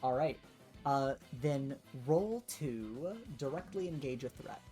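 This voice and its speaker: A woman's voice: rumbling low, takes it slowly, faint music behind. A woman narrating a tabletop role-playing game as game master, loose and full of fillers. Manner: filler-heavy, relaxed narration.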